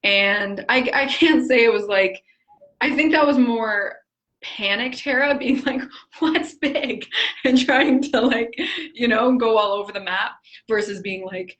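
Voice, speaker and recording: A woman's voice: fairly high pitch, a little slow, fairly bright tone. Encouraging woman host, laughing often. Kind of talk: casual chat. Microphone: webcam on a live stream.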